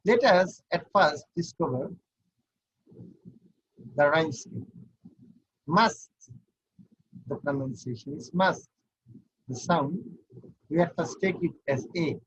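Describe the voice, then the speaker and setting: A man's voice: fairly high pitch, slightly rough, lo-fi sound. A man giving an online university class, explaining step by step and counting things out. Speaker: university lecturer.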